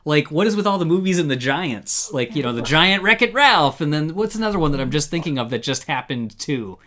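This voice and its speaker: A man's voice: a little high, animated, brisk, pushed and bright. A man hosting a casual live review show, talking in a rambling, upbeat way with many fillers. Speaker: podcast host.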